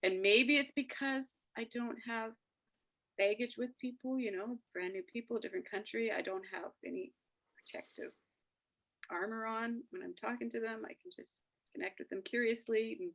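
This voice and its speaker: Husky, gravelly woman host. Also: fairly high pitch, normal speed. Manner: animated storytelling, acting out quoted dialogue. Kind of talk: casual reflective chat.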